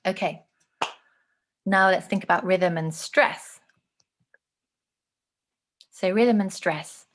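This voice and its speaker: A woman teaching an online lesson, explaining clearly and showing examples with her own voice. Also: mid-range voice, slow, pauses often.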